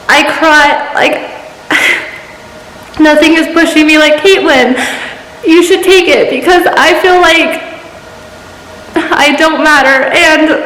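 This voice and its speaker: A young woman vlogging a personal confession, talking in a halting, emotional way with many restarts. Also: sits high, fairly bright tone. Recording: echoey room with long reverb.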